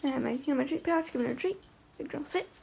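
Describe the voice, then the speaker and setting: A woman's voice: high voice, very fast, vocal fry, a little mellow, a little hiss or hum. A woman talking in a casual vlog about life with her guide dog, chatty and rambling with lots of fillers and restarts.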